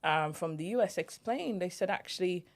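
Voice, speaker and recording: A woman, hosting a podcast and telling personal stories in an animated way, laughing often. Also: fairly low pitch, moderate pace. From Jamaica. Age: 40s. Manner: animated storyteller, laughs easily. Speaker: podcast host. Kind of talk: casual storytelling chat.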